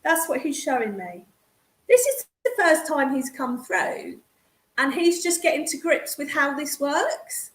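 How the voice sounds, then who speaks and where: A woman's voice: high voice, very animated, a little slow, fairly bright tone, reverberant. A woman giving a psychic reading as a medium, chatty and affectionate, calling the sitter darling.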